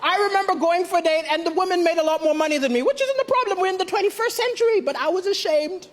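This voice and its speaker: A man from Malawi doing a stand-up comedy set, telling deadpan stories with punchlines on a big theatre stage. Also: very high voice, quick pace. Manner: deadpan storytelling, punchlines to a laughing crowd. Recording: loud live crowd and applause in a big theatre.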